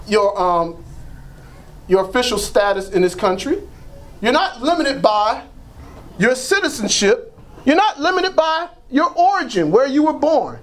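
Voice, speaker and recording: A preacher giving an emphatic sermon that leads the congregation in call-and-response. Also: mid-range voice. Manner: emphatic, repeats phrases, frequent "praise God".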